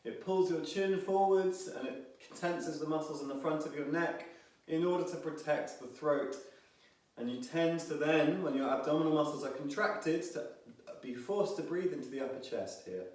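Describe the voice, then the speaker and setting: A man guiding a morning movement and breathing session, calmly cueing each stretch and breath, a little out of breath as he moves along. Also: on the high side, normal speed. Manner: calm, instructive, counting and cueing each movement. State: slightly out of breath. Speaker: movement instructor. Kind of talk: guided movement and breathing class. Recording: very echoey room, from a distance.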